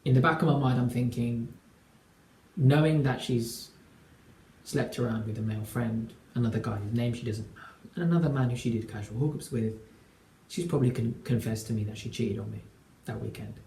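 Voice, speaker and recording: A young man in his twenties tells a personal story with earnest emphasis, acting out bits of dialogue. His voice is warm and mellow with a gravelly edge. The sound bounces around an echoey room. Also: medium pitch, fairly quick, slight background noise. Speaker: relationship coach.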